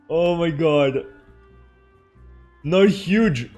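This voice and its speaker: A man's voice: on the high side, slow, pauses often, darkish tone, faint music behind. A young man with a French accent, a streamer chatting casually with his viewers and sounding out names. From France. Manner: chatty, reads names aloud and laughs at them. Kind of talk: casual live-stream chat.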